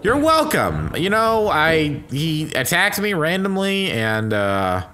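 Brief: male game commentator, bright forceful tone, lively swings, crude loud outbursts, faint background hiss. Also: on the high side, slow. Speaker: gaming commentator. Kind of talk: let's play commentary.

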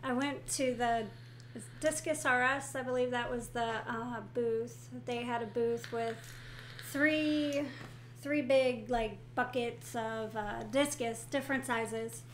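Hesitant woman, high voice, faint noise. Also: fairly even intonation, slow. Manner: hesitant, trailing off with fillers. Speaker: co-host. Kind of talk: casual chat.

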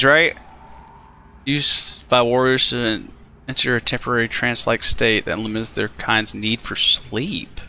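A man giving casual let's play commentary on a game, chatty and animated, swearing and talking to the creatures on screen. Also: medium pitch. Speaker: gaming channel host.

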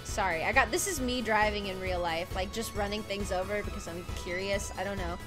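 A woman's voice: mid-range voice, a little fast. A young adult woman streaming a video game live, chatting casually with viewers, giggling and reading game lines aloud. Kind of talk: casual live gameplay commentary. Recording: game music playing under the voice.

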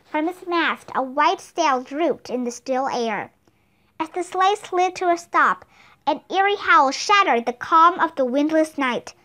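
A woman narrating a children's book read-aloud in an expressive, even-paced way. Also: high voice, unhurried. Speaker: storyteller.

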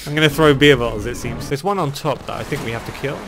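A man hosting a let's play, chatting casually and joking with friends while gaming, quick to yelp in alarm. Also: mid-range voice, music in the background. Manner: jokey, excitable, quick to yelp.

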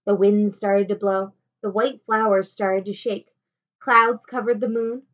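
A woman teacher reading a children's chapter book aloud at home, with expressive delivery. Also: medium pitch, unhurried, lo-fi sound. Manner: expressive, animated. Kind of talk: storybook read-aloud.

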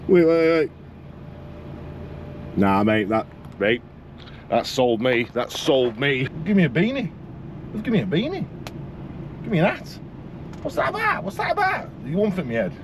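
A man's voice: mid-range voice, very animated, measured pace, pauses often, noisy background. A man with a Yorkshire accent, a truck driver vlogging from his cab, ranting and swearing in comic exasperation. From Yorkshire, England. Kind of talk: casual vlog.

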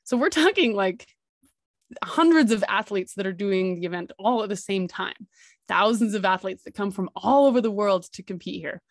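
A woman hosting a podcast, telling a personal story in an excitable, gushing, animated way. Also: medium pitch, normal speed, dry recording, clean studio sound. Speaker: podcast host.

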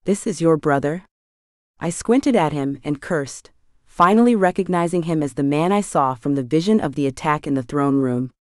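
A woman narrating a fantasy audiobook in the first person, with a tense and dramatic reading. Her voice sits low for a woman, and the recording is dry and close with no room sound. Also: lively intonation, moderate pace, dry recording.

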